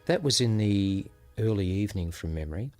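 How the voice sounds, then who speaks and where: A man's voice: lowish voice, animated, darkish tone, soft background music. A man with an Australian accent, a former undercover police officer, recounting his experiences in a reflective, conversational way. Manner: unhurried, reflective, acts out quoted voices. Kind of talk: conversational storytelling.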